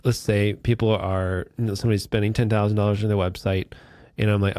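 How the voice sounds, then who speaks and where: Low-voiced male podcast host. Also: little pitch movement, brisk, few pauses, a little mellow, no echo. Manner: thinks aloud, with restarts and hypothetical examples. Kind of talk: interview questions and backchannel.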